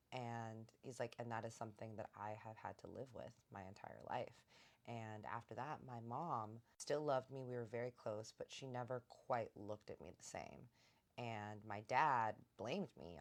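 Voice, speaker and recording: A woman casually telling a personal story to her viewers, retelling the conversation line by line with "I was like" and "he's like". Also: a bass voice. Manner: chatty, addresses viewers directly. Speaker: storytime host.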